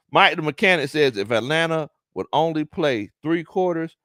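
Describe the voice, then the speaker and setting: A man's voice: on the high side, a bit bright, no echo, clean studio sound. A man with a Southern US accent hosting a casual sports livestream, reading chat comments aloud, repeating himself and laughing often. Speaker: sports talk show host reading live chat.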